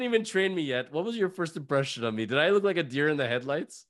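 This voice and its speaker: Guy hosting a podcast, animated storyteller, kinda high voice. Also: fast talker. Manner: animated, acts out voices in his stories. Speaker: podcast host. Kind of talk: storytelling chat.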